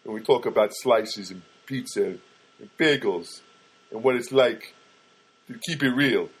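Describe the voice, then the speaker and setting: A middle-aged man riffs in a loose, rambling comic monologue, wry and self-mocking. His voice sits at a mid pitch. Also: a little slow, breathy edge. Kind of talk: casual comedic monologue.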